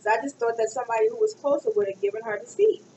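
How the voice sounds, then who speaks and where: A woman's voice: a little high, rapid-fire. A woman telling a personal story in casual conversation, acting out the people in it. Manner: animated, acts out other people's voices in her story. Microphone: computer webcam mic. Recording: distant, dull, noisy room recording.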